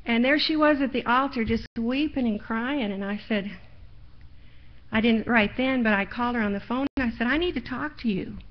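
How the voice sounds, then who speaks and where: A middle-aged woman, her voice on the high side with fairly even intonation, preaches at normal speed in a church. She gets folksy and shares her own testimony, pushing her points with rising intensity. It's lo-fi live stream audio.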